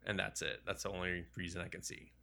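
A man in casual banter about superhero movies, joking and rambling, acting out characters in quick asides. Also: low-pitched, level tone, vocal fry, sharp tone.

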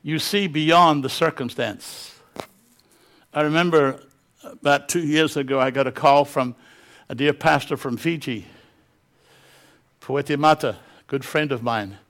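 A man's voice: medium pitch, gravelly, a bit bright. A man preaching a sermon as a pastor, telling stories with impassioned, dramatic delivery.

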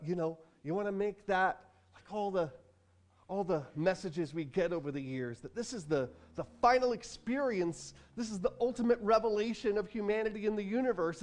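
A man in his thirties preaching a sermon, animated, acting out storybook voices as he tells it. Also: sits high, moderate pace. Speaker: pastor.

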